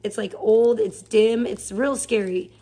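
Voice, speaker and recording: A woman's voice: a little high, steady tone, a little slow, mellow, slightly rough. A woman live streamer chatting casually, rambling and swearing as she rants in exasperation. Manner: rambling, profane, exasperated ranting. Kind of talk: casual chat.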